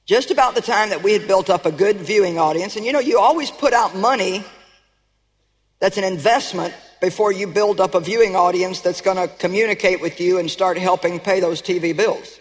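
A woman's voice: medium pitch, fairly quick, in a large hall, rough recording. A woman preaching a sermon in an emphatic, conversational way, sometimes building to exclamations.

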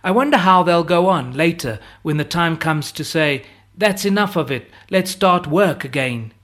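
A man's voice: fairly high pitch, lively intonation, normal speed, fairly bright tone, pitched above the performer's own voice. A man reading an audiobook voices a chatty soldier who tells trench yarns in folksy talk with dropped words. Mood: yarning.

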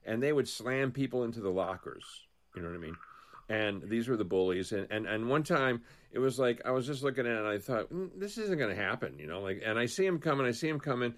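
Rambling halting man in casual talk. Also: mid-range voice, lively intonation. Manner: rambling, halting, many restarts. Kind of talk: casual political chat.

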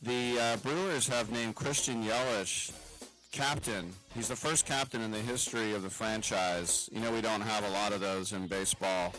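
A man's voice: lowish voice, normal speed, fairly bright tone, faint music behind, rough recording. A man hosting a live sports radio show, rambling in a wry, jokey way on a studio microphone. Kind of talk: casual radio talk.

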